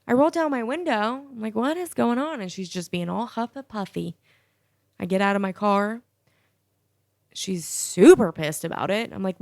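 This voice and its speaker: A woman's voice: mid-range voice, animated, moderate pace, vocal fry, darkish tone, dry recording, clean studio sound. A young woman hosting a solo podcast, telling a profane, sassy story. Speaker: podcast host.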